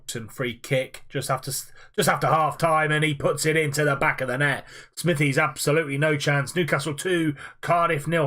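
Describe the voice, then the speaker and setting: Young man, upbeat gaming commentator calling football matches, slightly higher voice, filler-heavy delivery. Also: a bit bright. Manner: quick play-by-play with frequent "uh" fillers. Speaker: video game player commentating his own matches. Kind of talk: play-by-play football commentary over gameplay.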